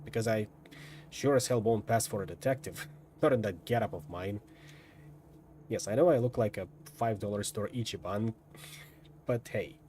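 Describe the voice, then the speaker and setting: A man streaming a visual novel, reading the story aloud with lively, lightly dramatic narration and casual asides. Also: fairly low pitch, normal speed, long pauses, slight background noise.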